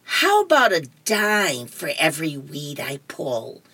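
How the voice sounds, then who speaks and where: A woman's voice: low voice, wildly swooping pitch, slow pace, pushed and bright, husky, heavily acted. A woman reading comics aloud, voicing a young boy eager to earn money.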